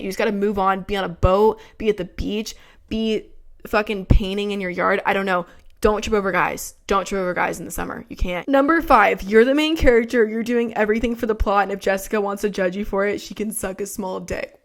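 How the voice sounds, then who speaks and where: A woman's voice: mid-range voice, fairly quick. A woman in her twenties hosting a podcast, chatting casually with frank, profane, rambling talk full of fillers. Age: 20s. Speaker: podcast host. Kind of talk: casual chat.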